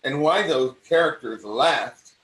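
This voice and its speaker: An older man with a mid-Atlantic accent, an acting coach hosting a conversation and talking in an animated way that often restarts and repeats phrases. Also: mid-range voice, slow. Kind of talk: casual conversation. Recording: roomy sound from a distant mic.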